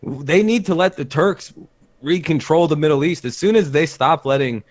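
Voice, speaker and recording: A man in casual banter on a podcast, opinionated and rambling, with halting restarts. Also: on the high side, no echo.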